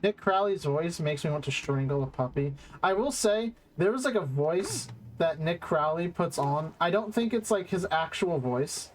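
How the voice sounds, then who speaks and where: A man's voice: a little high, lively intonation, normal speed. A male streamer giving casual gaming commentary, rambling and profane with lots of fillers.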